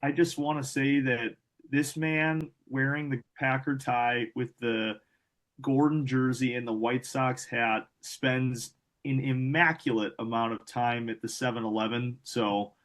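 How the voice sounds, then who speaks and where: A man co-hosting a podcast with wry, teasing remarks. His voice sits in a middle pitch. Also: steady tone, measured pace, fairly bright tone. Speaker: podcast co-host. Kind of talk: casual chat.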